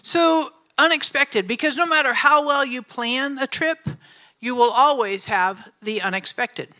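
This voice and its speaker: Middle-aged woman preaching, bright voice, a bit high, animated storyteller. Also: measured pace. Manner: animated storytelling with frequent laughter. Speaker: pastor. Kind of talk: sermon.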